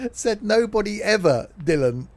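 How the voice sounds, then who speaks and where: Male game streamer, fairly high, chatty and easily exasperated. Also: very animated, a little mellow. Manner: chatty, self-mocking, quick to exasperation. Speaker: streamer playing a train simulator. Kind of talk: casual gameplay commentary.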